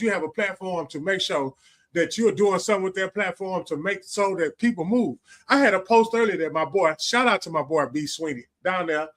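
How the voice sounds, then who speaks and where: A man's voice: sits high, fairly bright tone. A man, hosting a livestream and giving a casual, preachy monologue full of slang, profanity and repetition. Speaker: livestream host.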